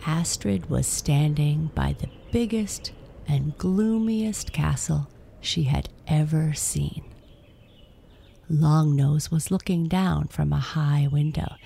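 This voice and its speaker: A woman gently narrating a fairy tale as a storybook reader. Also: deep voice, takes it slowly, gravelly, breathy edge.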